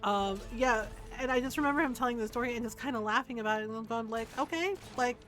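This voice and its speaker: A woman's voice: on the high side, steady tone, fast, over music. A woman game streamer chatting casually while she plays, telling stories and laughing often. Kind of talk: casual chat while playing.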